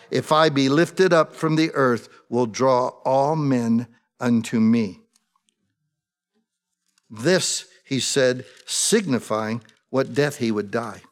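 A man's voice: medium pitch, fairly bright tone, in a large hall. A man preaching a sermon, addressing the congregation and acting out quoted prayers with feeling.

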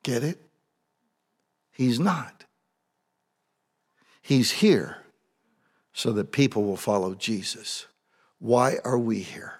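Animated pastor preaching in a reverberant hall. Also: male voice, medium pitch, slow pace, pauses often. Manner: conversational, animated storytelling with rising excitement. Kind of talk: sermon.

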